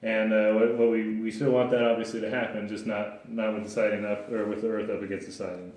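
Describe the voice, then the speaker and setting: A man's voice: lowish voice, flat delivery, fast talker, darkish tone. A man working as a home inspector, explaining his findings to a client in a plain, practical way with frequent restarts. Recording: echoey room.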